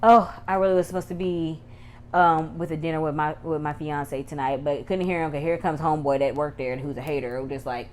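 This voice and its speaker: A woman's voice: low-pitched, steady tone, a little fast, a little mellow. A woman casually recapping and reviewing a TV episode, slangy and chatty, acting out the characters' lines as she goes. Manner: slangy, chatty, laughs at her own jokes. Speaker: YouTube TV reviewer.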